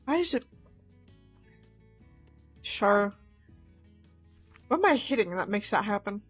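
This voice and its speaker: A woman's voice: mid-range voice, big pitch swings, slow, husky. A young woman streamer reading a dating game aloud, cutting in with wry, joking asides. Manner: wry, laughing asides between narration. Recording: slightly dull mic, soft game music.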